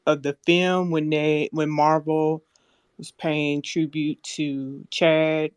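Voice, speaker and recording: Slow hesitant woman with smooth voice. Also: low-pitched, level tone, no echo, studio quality. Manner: hesitant, reserved. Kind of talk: casual chat.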